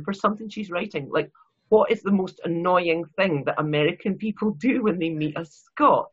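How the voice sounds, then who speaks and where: A Scottish woman talks in a loose, self-mocking ramble, full of restarts and asides. Her voice is a little husky and the recording sounds dull and lo-fi. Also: fairly low pitch, moderate pace, a bit bright. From Scotland. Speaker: guest author. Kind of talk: casual interview chat.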